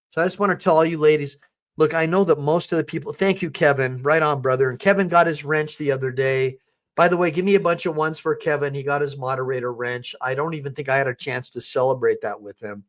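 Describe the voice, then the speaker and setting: A man's voice: medium pitch, a bit bright. A middle-aged man hosting a livestream, rambling casually and talking straight to his viewers, his eyes watering from allergies. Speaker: host.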